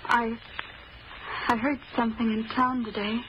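An actress playing a sweet young small-town woman who asks gentle, curious questions, in 1940s radio acting. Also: fairly high pitch, flat delivery, a little slow, natural voice. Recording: dull hissy old radio broadcast.

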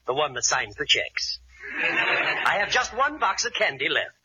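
An actor playing a pompous, scheming middle-aged uncle with grandiose, oily flattery, in 1940s radio acting. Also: male voice, on the high side, a little slow, muffled recording. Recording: noisy old radio broadcast.

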